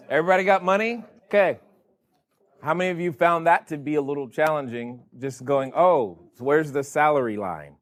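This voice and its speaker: A man running a board game for a live seminar audience, teasing them with playful questions. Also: on the high side. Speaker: real estate educator running a board game. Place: event room in front of a live audience.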